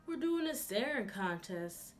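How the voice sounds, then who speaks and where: Young woman vlogger, sassy and animated, telling a story to her viewers over soft background music. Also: a little high, measured pace. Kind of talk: storytime vlog.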